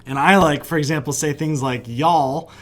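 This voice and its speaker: A man's voice: fairly high pitch, brisk, a bit bright. Upbeat man teaching kids to draw. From West Virginia. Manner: friendly, chatty, encouraging, laughs often. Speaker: kids' art teacher. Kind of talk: drawing lesson for children.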